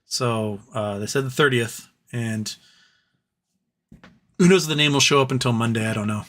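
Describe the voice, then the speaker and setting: A man hosting a relaxed live stream, reading out comments from his viewers and answering them one by one. He is tired and his voice is starting to wear out, but he keeps talking in a loose, chatty way at a middle pitch. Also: normal speed. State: tired, voice wearing out. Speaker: livestream host reading chat. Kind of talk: casual live-stream chat.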